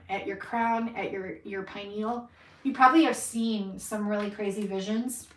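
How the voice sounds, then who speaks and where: A woman's voice: medium pitch, reverberant, far from the mic. A woman giving an intuitive reading to a viewer, emphatic and encouraging, swearing freely for emphasis. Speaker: tarot reader.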